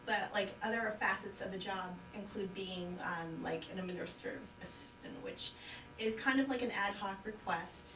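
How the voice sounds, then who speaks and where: A woman's voice: medium pitch, moderate pace. Hesitant woman on a distant, echoey mic. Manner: hesitant, many fillers, self-conscious. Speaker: hypnosis client. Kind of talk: casual interview talk. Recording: roomy, distant mic, noisy background.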